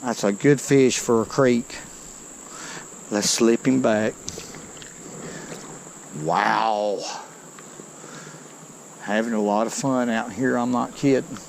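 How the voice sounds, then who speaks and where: A man, giving excited, folksy commentary to viewers while he fishes a creek outdoors. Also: medium pitch, takes it slowly, vocal fry, pauses often, a little hiss or hum, poor audio. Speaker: fishing vlogger.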